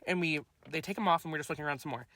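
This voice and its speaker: A young man co-hosting a podcast, telling a story in an animated, exasperated way, recorded in a parked car. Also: on the high side, rapid-fire, no echo. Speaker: podcast co-host. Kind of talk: casual chat.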